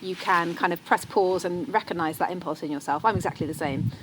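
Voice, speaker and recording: An enthusiastic woman co-hosts a podcast in a casual chat. Her voice sits somewhat low for a woman. Steady background noise is clearly heard behind her. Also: a little fast. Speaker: podcast co-host.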